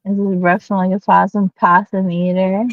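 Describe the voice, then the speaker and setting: A woman's voice: mid-range voice, flat delivery, normal speed, no echo, muffled recording. A woman streaming live, chatting casually, self-deprecating and swearing, laughing often. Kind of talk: casual chat on a livestream.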